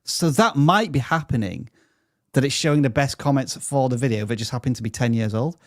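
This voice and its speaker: A man's voice: medium pitch, brisk, no echo, clean studio sound. A man hosting a live stream, reading out viewer questions in an upbeat, chatty way and stumbling over unfamiliar names. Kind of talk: live channel-review stream.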